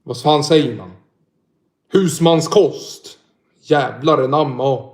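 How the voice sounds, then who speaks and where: A man's voice: on the high side, takes it slowly. A young man from northern Sweden with a Swedish accent, chatting casually on a livestream, swearing a lot and laughing often. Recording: roomy echo.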